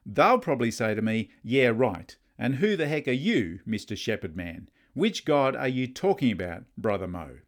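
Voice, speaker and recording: A preacher voicing Moses as a reluctant man arguing casually with God, higher and livelier than his own voice. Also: normal speed, hardly any pauses, natural voice. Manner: casual, joking, higher and animated.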